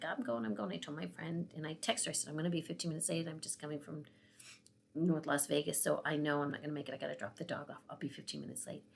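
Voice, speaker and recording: A woman in her sixties with a low, gravelly voice, telling a personal story to camera. She is tearful and emotional, and her voice often sinks into a whisper. There is a faint hiss behind her. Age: 60s. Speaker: vlogger.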